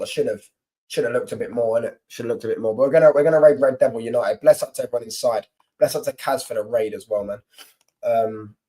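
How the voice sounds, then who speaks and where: Young man, football streamer, slangy and excitable chat, mid-range voice. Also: mid-range voice, low-quality recording. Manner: slangy, excitable, shouts out viewers. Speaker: football livestream host. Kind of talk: casual livestream chat.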